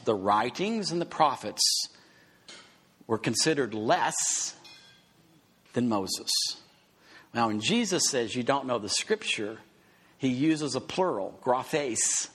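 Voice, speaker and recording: Male preacher, husky, emphatic teacher, big reverberant hall. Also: medium pitch, a bit bright. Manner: emphatic teaching with rhetorical questions. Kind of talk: sermon.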